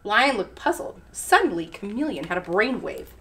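This woman, a children's librarian, brings picture books to life at story time with an animated, expressive reading. Her voice is mid-range, her pace moderate.

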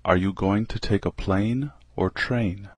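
Low-voiced man reading practice phrases. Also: breathy edge, no room sound. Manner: slow, carefully enunciated. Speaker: English phrase reader.

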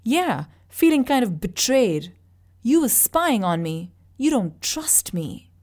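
An audiobook's furious young man, defiant and foul-mouthed, his voice pushed higher and louder as he lashes out, as a woman reads him. He spits insults in a raw, hot-tempered rush. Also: big pitch swings, takes it slowly, full character voice. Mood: angry. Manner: shouting, spitting insults.

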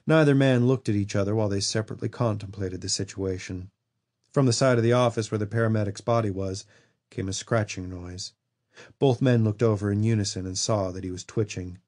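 A man reading a horror novel aloud as an audiobook narrator, in steady storytelling. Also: fairly low pitch, brisk. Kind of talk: scripted narration.

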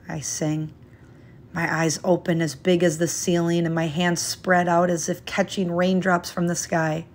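Gentle woman reading a picture book. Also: fairly low pitch. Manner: gentle, expressive, unhurried storytelling. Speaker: storyteller. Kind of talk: children's picture book read-aloud.

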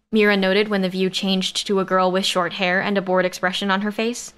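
A woman narrating a science-fiction romance audiobook in the first person, with a steady, expressive reading. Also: mid-range voice, brisk, clear, resonant tone.

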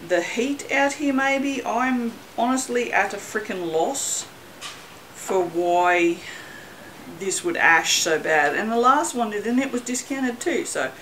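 A woman's voice: a little high, slow, fairly bright tone, slight background noise, rough recording. A woman talking casually in a rambling, self-mocking way while making soap for her channel, with a bit of light swearing. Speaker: soap maker vlogger. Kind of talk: casual chatty vlog.

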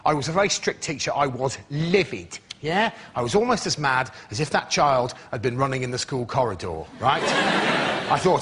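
A man, a comedian, telling a story on a panel show in an animated, mock-outraged way. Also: medium pitch, normal speed. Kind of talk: stand-up storytelling. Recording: studio audience and room noise.

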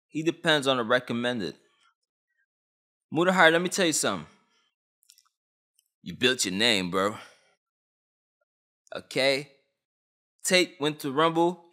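A man's voice: mid-range voice, bright, forceful tone. A young man from Canada ranting on camera about a law, agitated, blunt and full of slang. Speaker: vlogger. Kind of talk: heated opinion rant.

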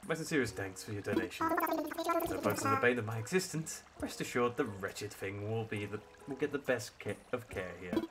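A man's voice: expressive, fairly quick, noisy background, close to an everyday voice. A man voicing a fussy, scholarly male owl museum curator who is squeamish about bugs, reading game dialogue in a pompous, sophisticated tone. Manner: pompous, sophisticated tone with flowery wording and sudden squeaky jumps. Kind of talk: reading game dialogue aloud in character on a stream. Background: loud game music.

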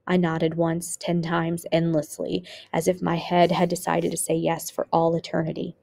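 A woman teacher reading a memoir aloud for students, with expressive delivery that rises on exclamations. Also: fairly low pitch, normal speed, vocal fry, few pauses.

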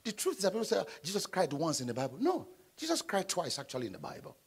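A man preaching to his congregation in a high, bright voice. His pitch swoops widely as he calls for responses and breaks into shouts, with a slightly husky edge to his tone. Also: wildly swooping pitch, fast talker. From Nigeria. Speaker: pastor. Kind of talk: sermon. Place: church.

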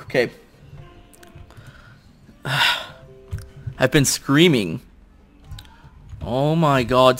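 A young man giving let's play commentary at home into a desk microphone, excitable and quick to shout and groan in frustration, joking at his own expense. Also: medium pitch, faint music behind. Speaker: YouTuber playing a video game.

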